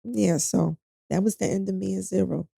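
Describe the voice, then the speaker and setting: A woman's voice: medium pitch, steady tone, normal speed, gravelly, warm tone, husky, dry recording. A middle-aged woman guest on a podcast, retelling a painful personal story in a blunt, profane, emphatic way.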